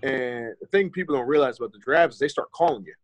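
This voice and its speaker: A man in his thirties from the States talks through his past in a loose, candid way, dropping the odd curse and slipping into the voices of people he remembers. His voice sits at an ordinary pitch for a man. The sound is close and dry, with no room around it. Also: fast talker, no echo, low-quality recording. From United States. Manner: candid and loose, swears freely and acts out remembered conversations. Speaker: former pro running back, podcast guest. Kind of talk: casual storytelling interview.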